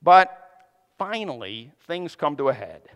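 A man's voice: a little high, very animated, a little slow, fairly bright tone, lo-fi sound. A man preaching a sermon, retelling a scripture story in a casual, conversational way with playful asides. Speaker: pastor. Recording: long hall reverb.

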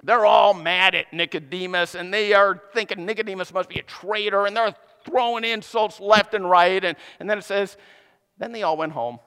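A man's voice: sits high, fairly even intonation, moderate pace, few pauses, sharp tone, clean tone. A man preaching a sermon, retelling a scripture story in a casual, conversational way with playful asides. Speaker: pastor. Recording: long hall reverb.

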